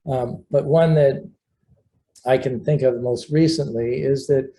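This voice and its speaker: An older male researcher recalls stories from his career in an easygoing, anecdotal way, pausing often on fillers. His voice is mellow and unhurried. A faint noise sits under the recording. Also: mid-range voice, rough recording. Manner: relaxed anecdotal storyteller, halting with fillers. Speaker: researcher and mentor. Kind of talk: casual storytelling interview.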